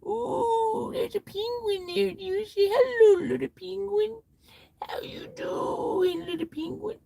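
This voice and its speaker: Picture a goofy grown man squealing baby talk at a penguin, way up high as a woman puts him on. The voice carries a gravelly rasp and is quite drawn out. She records it from her parked car. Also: slow, dark tone, exaggerated voice. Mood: cooing. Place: inside a parked car at night.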